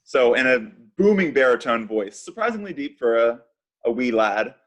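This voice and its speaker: A man's voice: mid-range voice, sing-song, moderate pace. A man playing a tabletop game, playfully narrating what his character does. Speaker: player.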